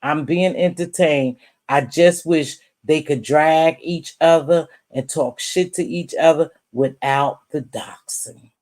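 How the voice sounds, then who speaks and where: A woman's voice: sits low, a little mellow. A woman hosting a live stream, giving casual commentary in a blunt, profane, chatty way and greeting viewers by name.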